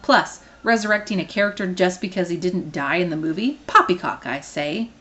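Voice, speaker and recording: A woman's voice: lowish voice, normal speed, fairly bright tone, natural voice. A woman voicing a fussy, indignant male Tyrannosaurus in a storybook read-aloud.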